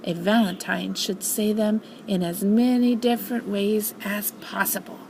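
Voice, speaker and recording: A woman's voice: mid-range voice, steady tone, measured pace, vocal fry, darkish tone, a little hiss or hum, low-quality recording. An older woman voicing a proud, fussy male rabbit who sniffs his lines knowingly in a storybook reading. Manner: sniffy know-it-all.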